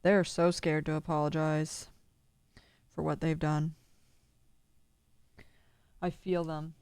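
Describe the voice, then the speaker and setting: A woman's voice: deep voice, flat delivery, slow pace, a little mellow, clear, resonant tone, dry recording. A woman in a ranting monologue at home, agitated and accusatory, swearing constantly, into a studio dynamic mic. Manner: agitated, heavy cursing, accusatory. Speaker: streamer.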